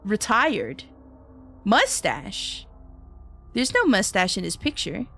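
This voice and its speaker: A woman streamer commentating a horror game live, reacting loudly and swearing often as she chats. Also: mid-range voice, slow pace, gravelly, faint music behind. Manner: loud animated reactions, frequent swearing; chatty, thanks viewers in passing.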